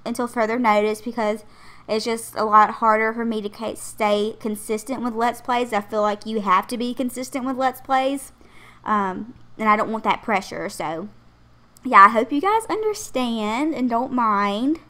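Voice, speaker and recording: A woman's voice: fairly high pitch, normal speed, pushed and bright. A young pregnant woman hosting her channel, chatting casually in a rambling voice-over with frequent laughter. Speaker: channel host. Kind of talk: casual voice-over chat over a game build.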